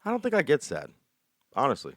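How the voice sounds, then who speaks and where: A man's voice: medium pitch, wildly swooping pitch, fast, a bit bright, no echo, clean studio sound. A young man co-hosting a podcast in casual, rambling chat, joking and leaning hard on "like". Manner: rambling, joking, heavy use of "like". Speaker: podcast co-host.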